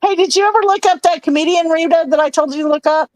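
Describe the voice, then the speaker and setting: A woman with a high voice chats playfully, teasing her friends and musing aloud. The sound is dry and close. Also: fast, dry recording, poor audio. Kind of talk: casual chat.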